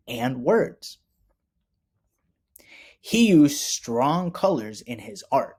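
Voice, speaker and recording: Slow, animated male teacher, slightly husky. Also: mid-range voice. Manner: slow, clear, encouraging teacher talk with repeat-after-me prompts. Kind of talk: classroom lesson for young students.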